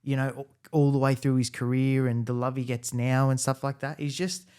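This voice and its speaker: Relaxed Australian man hosting. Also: medium pitch, moderate pace, clear, resonant tone. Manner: relaxed, backchanneling, asks friendly questions. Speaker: host. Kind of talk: casual interview chat.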